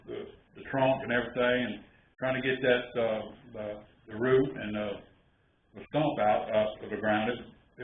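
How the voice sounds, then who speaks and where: An older man in his sixties tells rambling, folksy stories in a relaxed, casual way. His voice sounds tinny and narrow, as if it came down a phone line, and it echoes in a roomy space with a faint hiss behind it. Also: medium pitch. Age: 60s. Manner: folksy, rambling, with many restarts. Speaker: cooking channel host. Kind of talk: casual storytelling.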